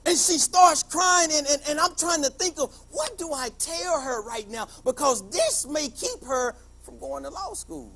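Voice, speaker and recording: A man, a teacher, giving a passionate motivational speech, telling stories and building to emphatic shouts. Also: extremely high pitch, expressive, measured pace, gravelly, hardly any pauses.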